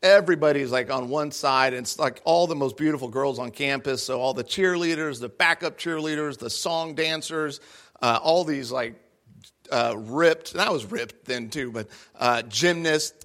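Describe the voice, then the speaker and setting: A man's voice: a little high, moderate pace, a bit bright. A middle-aged man, a guest speaker, telling a self-mocking comic story to a live audience and acting out the voices in it. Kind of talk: comedic storytelling talk to an audience. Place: large room before a live audience.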